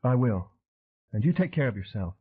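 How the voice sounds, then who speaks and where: A man's voice: medium pitch, big pitch swings, moderate pace, husky, pitched above the performer's own voice. A man voicing a tense young woman speaking in urgent, clipped lines in an audiobook. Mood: tender. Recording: tinny phone-like audio.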